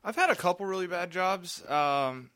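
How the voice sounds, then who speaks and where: A man's voice: sits high, normal speed, bright, forceful tone, dry recording, studio quality. A man chatting casually on a podcast, laid-back and hesitant, with lots of fillers. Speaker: podcast regular. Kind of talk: casual chat.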